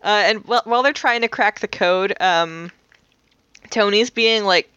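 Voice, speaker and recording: A woman's voice: medium pitch, a little slow, bright, forceful tone, smooth, no room sound, muffled recording. A woman co-hosting a podcast, recapping a teen drama in loose, swearing chat full of fillers and laughter. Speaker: podcast co-host.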